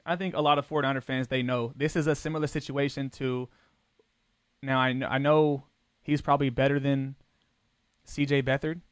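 A man's voice: mid-range voice, no room sound. A man streaming a football video game, chatting casually with his viewers in loose, profane slang, his voice jumping up when he gets defensive. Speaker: gaming streamer.

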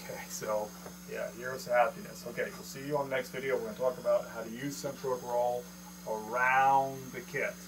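A man of middle pitch teaches drumming in a loose, joking manner, poking fun at himself as he counts strokes aloud. The recording carries clear noise and a steady mains hum from a drum room. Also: fairly quick. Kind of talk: casual video lesson.

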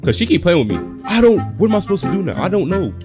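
A man's voice: sits high, very animated, fast talker, over music. Jumpy man reacting to a horror game. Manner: jumpy, shouts and yelps when startled, slangy banter. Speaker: gaming video creator. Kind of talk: live reactions while playing a horror game.

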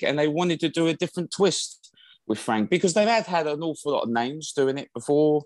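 A man's voice: a little high, expressive, normal speed, no echo. A man, a musical theatre actor, chatting casually as an interview guest, rambling with lots of fillers and restarts.

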